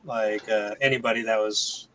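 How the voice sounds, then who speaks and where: A man's voice: fairly low pitch, steady tone, moderate pace, fairly bright tone, poor audio. Easygoing man swapping stories on a stream. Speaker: guest on the stream. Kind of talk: casual livestream chat.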